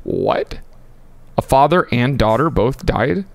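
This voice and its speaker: A man co-hosting a podcast, reading stories aloud with wry, deadpan asides. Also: medium pitch, slow, gravelly, dry recording. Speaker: podcast co-host.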